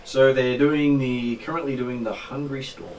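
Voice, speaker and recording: A man's voice: mid-range voice, fairly even intonation, normal speed, darkish tone. A man acting as game master, casually teasing his players and recapping the story with many fillers. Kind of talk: running a tabletop game session. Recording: distant mic with faint noise.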